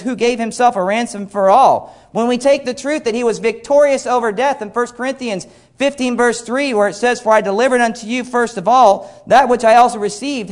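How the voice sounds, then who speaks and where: A middle-aged man preaching a sermon, earnest and repeating phrases for emphasis while quoting scripture at length. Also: very high-pitched. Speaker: pastor.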